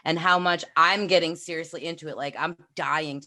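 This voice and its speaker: A woman's voice: deep voice, steady tone, normal speed, pushed and bright. A woman in her thirties from New York with a New York accent, co-hosting a podcast and chatting casually on a livestream, rambling and laughing often. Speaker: podcast co-host.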